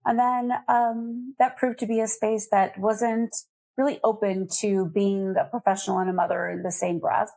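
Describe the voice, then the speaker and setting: A middle-aged woman from Colorado, a guest on an interview, telling candid, lively stories from her life. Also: mid-range voice, normal speed, creaky. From Colorado, USA. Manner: candid, lively anecdotes with laughter. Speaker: guest, nonprofit foundation CEO. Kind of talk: conversational storytelling.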